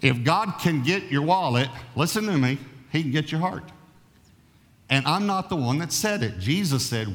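A man's voice: on the high side, sing-song, normal speed. A male pastor delivering a sermon, emphatic and checking in with his congregation. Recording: long reverb of a large hall.

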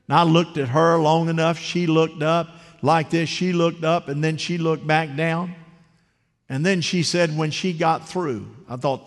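Man, preacher, fairly high voice, engages the congregation, echoing hall. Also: steady tone, a little slow. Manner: conversational, asks the congregation questions. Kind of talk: storytelling sermon. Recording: long hall reverb.

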